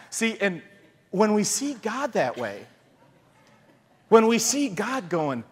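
Animated husky preacher in a reverberant hall. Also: male voice, high-pitched, measured pace, background noise. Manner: conversational, animated, acts out voices of God and Jesus. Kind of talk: sermon.

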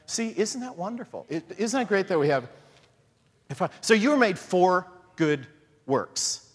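A man preaching a sermon in a conversational, animated way, often acting out short voices as he tells a story. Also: high voice, unhurried, breathy edge, big-room sound. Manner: conversational, animated, acts out voices of God and Jesus.

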